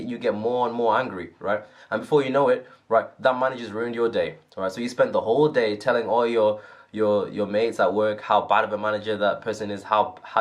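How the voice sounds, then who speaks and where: A man giving an earnest, casual talk on self-help, often checking in with "right?". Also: lowish voice.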